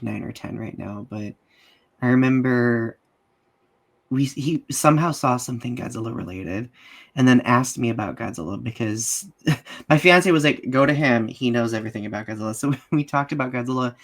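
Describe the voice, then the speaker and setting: Warm, affirming man hosting a podcast. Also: medium pitch. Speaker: podcast host. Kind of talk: casual interview.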